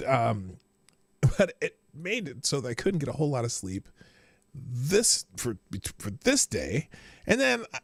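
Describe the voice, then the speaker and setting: A man's voice: mid-range voice, big pitch swings, a little slow, vocal fry, slightly rough, no echo, clean studio sound. A man hosting a casual live stream, rambling about his day and greeting viewers by name. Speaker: livestream host.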